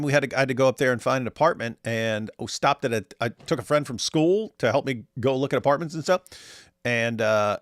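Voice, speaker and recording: A man's voice: mid-range voice, no echo, clean studio sound. A man hosting a casual reaction commentary, telling rambling stories with jokes and sarcasm. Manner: rambling, joking, sarcastic storytelling. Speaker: commentary host.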